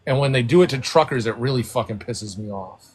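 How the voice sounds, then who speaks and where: A man's voice: mid-range voice, brisk, crowd noise. A man from Rhode Island chatting on a video call, ranting and swearing constantly in casual talk. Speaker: group chat participant.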